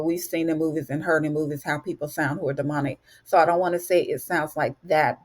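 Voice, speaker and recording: A chatty woman with a fairly low voice recaps a story for her viewers in a loose, casual way. She keeps calling her listeners honey and y'all. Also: darkish tone. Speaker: recap host.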